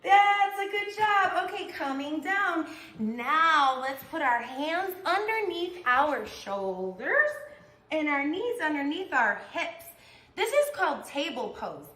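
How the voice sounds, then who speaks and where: A woman with a high, bright voice leads a children's yoga class. She coaches in an unhurried, sing-song way, and her voice rings in a roomy, echoey space. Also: sing-song. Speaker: kids yoga instructor.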